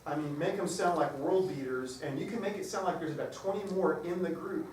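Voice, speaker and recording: Recorded from far off in an echoey hall with a piano, the man leading this choir workshop talks a little fast in a slightly high, darkish voice. He's a choral clinician coaching the singers with cheerful humor.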